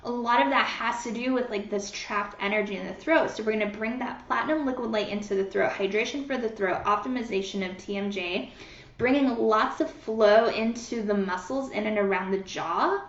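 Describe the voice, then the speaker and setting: A woman's voice: mid-range voice, moderate pace. A woman leading a live-streamed guided healing session, speaking soothingly and greeting viewers by name, with many fillers. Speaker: energy healer leading a live group session. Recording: roomy, dull lo-fi sound.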